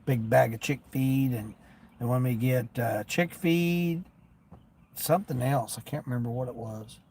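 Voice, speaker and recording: A man with a gravelly, creaky voice rambles casually from his car during a live stream, talking through delivery orders. A faint hum of noise sits under his talk. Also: mid-range voice, moderate pace, a little mellow. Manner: rambling, folksy, declines orders aloud. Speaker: delivery driver livestreamer. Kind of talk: casual live-stream chat while driving.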